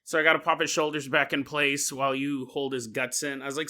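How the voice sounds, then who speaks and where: A man's voice: mid-range voice, flat delivery, fairly quick, bright, forceful tone. A man hosting a podcast, telling a story as a comedic monologue, joking and laughing often. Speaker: podcast host.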